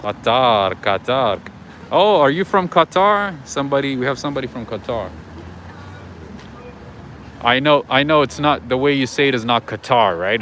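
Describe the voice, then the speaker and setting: A man hosts a live walk through city streets, chatting easily and answering his viewers as he goes. His voice sits at an ordinary middle pitch. Faint street noise runs underneath. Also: lively intonation, moderate pace, a bit bright. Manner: chatty, storytelling, reads out viewer chat. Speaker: livestream host. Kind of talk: casual live walking stream, chatting with viewers.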